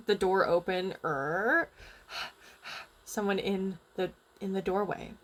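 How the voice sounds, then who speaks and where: A young woman game master narrating a tabletop game in a casual, halting way. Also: medium pitch.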